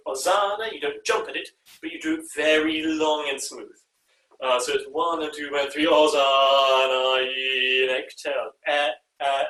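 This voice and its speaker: A man directing an online choir rehearsal, often pausing with ums and uhs and singing short bits of the music to show how a phrase should go. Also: fairly high pitch, fairly bright tone. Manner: demonstrates phrases by singing and speaking them; hesitant, with frequent ums and uhs. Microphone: video call. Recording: echoey room, far from the mic.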